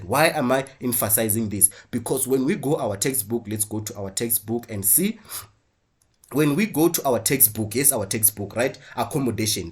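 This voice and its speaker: A man's voice: mid-range voice, breathy edge. A man with a South African English accent teaching an online biology class, explaining while he draws and often checking in with "right?".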